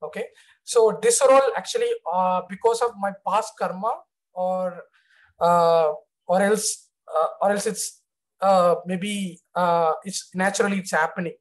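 A man's voice: high voice, a little slow, low-quality recording. Hesitant man asking questions on a call. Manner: hesitant, many uhs. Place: online video call.

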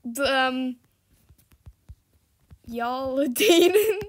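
A young woman giving casual, giggly commentary over her own gameplay, chatty and shifting between loud squeals and quiet mutters. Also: high-pitched, expressive, drawn-out words. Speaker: gaming video creator.

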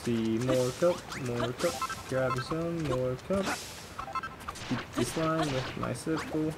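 A man's voice: mid-range voice, slow pace, loud music behind the voice. A man hosting a let's play, talking through casual gameplay commentary and mumbling to himself as he reads game text aloud.

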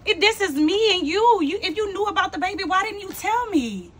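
Upset young wife, pleading, high pitch, acted by a woman. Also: lively intonation, brisk, a bit bright, a little hiss or hum. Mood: hurt. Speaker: comedy sketch actress.

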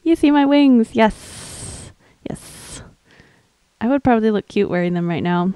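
A woman's voice: on the high side, lively intonation, measured pace, clean tone, no echo, low-quality recording. A woman hosting a music livestream, chatting casually and rambling between songs with a tired voice. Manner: chatty, rambling, soft and laughing.

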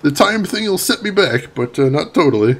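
With a slightly high, sing-song voice that's a little fast and slightly rough, a gaming streamer gives casual let's-play commentary. He's chatty, reads chat aloud, and laughs often.

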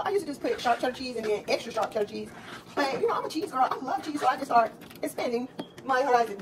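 A woman hosting a casual home cooking vlog, chatty and joking, laughing at her own jokes. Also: fairly high pitch. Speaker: cooking show host. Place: home kitchen. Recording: distant mic with steady background noise.

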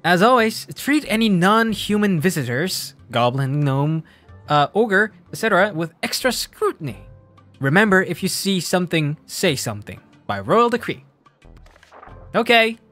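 High-voiced giggly male streamer. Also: big pitch swings, moderate pace, fairly bright tone, faint music behind. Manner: giggly, reads game text aloud. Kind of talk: game stream commentary.

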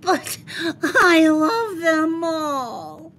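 A dramatic little boy who whines and haggles over his toys, as a woman reading a storybook puts him on. His voice jumps high and swings widely as he pleads. He talks slowly. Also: very animated, vocal fry, fairly bright tone, a little hiss or hum, exaggerated voice. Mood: crying. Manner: pleading, theatrical, high-pitched. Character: young boy, dramatic, whiny bargainer.

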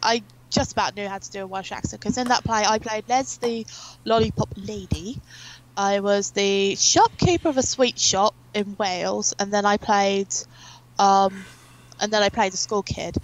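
A woman's voice: mid-range voice, poor audio. A young woman from England, an interview guest, telling long stories in a rambling, chatty way with many fillers. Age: young adult. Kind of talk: casual chat.

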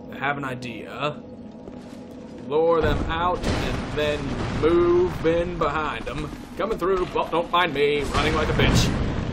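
Slow, playful gaming man, fake-fancy. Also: a little high, heavy background noise. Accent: put-on English accent. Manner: playful, mock-posh, swears, talks to enemies. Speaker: gameplay commentator. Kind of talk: let's play commentary.

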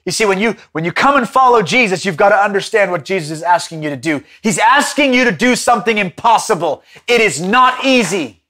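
Man preacher, from South Africa, somewhat high voice, dramatic storytelling, excited then hushed, bible study. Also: a little fast, few pauses.

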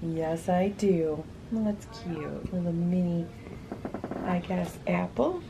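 A woman's voice: fairly low pitch, slow, gravelly, background noise. Chatty woman vlogging at home. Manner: chatty, explains as she goes. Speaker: vlogger cohost. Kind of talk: casual home vlog chat. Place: home kitchen and living room.

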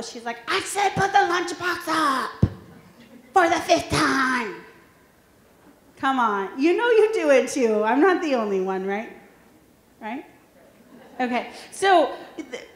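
A woman in her thirties presenting a workshop, telling funny stories and asking the audience questions. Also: sits high. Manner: lively storytelling, asks the audience questions. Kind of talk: humorous motivational talk to an audience. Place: large room with an audience. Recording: echoey room.

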